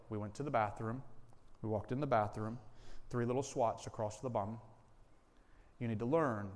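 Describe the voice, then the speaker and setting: Male pastor, average pitch, earnest story-driven sermon delivery, repeats points for weight; long hall reverb. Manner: storytelling, earnest, repeats key lines for emphasis.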